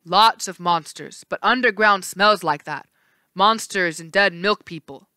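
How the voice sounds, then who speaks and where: A woman voicing a gentle young male cyclops who talks slowly and plainly, like a child. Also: on the low side, dry recording. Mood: simple.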